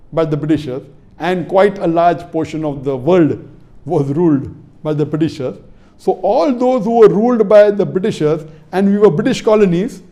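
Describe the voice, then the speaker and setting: Emphatic lively-voiced man lecturing. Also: sits high. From India. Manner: emphatic, repetitive, asks the audience questions; spells words out letter by letter. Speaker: Islamic preacher. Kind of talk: religious lecture to an audience.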